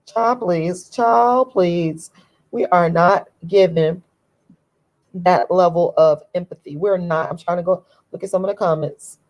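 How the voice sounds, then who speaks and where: A woman's voice: fairly low pitch, steady tone, moderate pace, darkish tone, rough recording. A woman hosting her own vlog, talking from a laid-back position in a voice tired from a long day, stressing points by repeating them. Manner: emphatic, repeats phrases for stress. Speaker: channel host. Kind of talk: casual opinion vlog.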